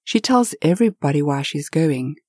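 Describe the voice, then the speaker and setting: Husky, dark-voiced woman storyteller. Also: sits low, normal speed, no room sound, studio quality. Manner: lively, expressive telling with dramatic swells. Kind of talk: told story narration.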